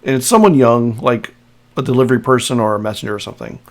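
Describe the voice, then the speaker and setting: Man running a tabletop game. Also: mid-range voice. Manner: halting, restarts while describing the scene. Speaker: game master.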